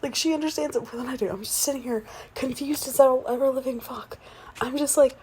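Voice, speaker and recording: A woman's voice: high-pitched, fairly even intonation, a little fast, background noise, close to an everyday voice. A woman in her twenties doing a whispered role-play as the listener's sleepy, chatty fiancée, rambling between yawns.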